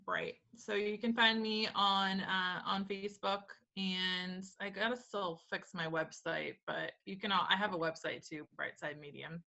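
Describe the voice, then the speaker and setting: A woman's voice: mid-range voice, steady tone, unhurried, gravelly, hardly any pauses, pushed and bright. A woman psychic medium introducing herself in a casual group chat, hesitant and trailing off. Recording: lo-fi call audio.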